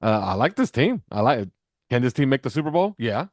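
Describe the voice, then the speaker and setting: A man's voice: mid-range voice, big pitch swings, fairly quick, no room sound, clean studio sound. A man from New Jersey co-hosting a sports podcast, giving blunt, emphatic opinions in casual chat.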